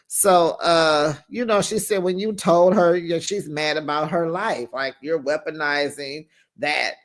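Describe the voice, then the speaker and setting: An unhurried, drawn-out commentator recaps a reality show in a sassy, animated way. The speaker laughs often and slips into quoted voices to retell scenes, while keeping a mid-range pitch.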